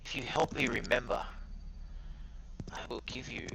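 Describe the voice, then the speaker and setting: A man voicing a confused, skittish male mage who has lost his memory, speaking in a breathy, stammering half-whisper. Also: mid-range voice, fairly even intonation, normal speed, lightly acted, poor audio. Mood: cagey.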